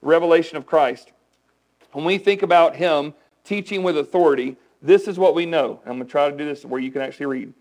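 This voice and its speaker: A man preaching a sermon as pastor, conversational and animated, asking the congregation questions. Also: fairly high pitch, brisk, poor audio.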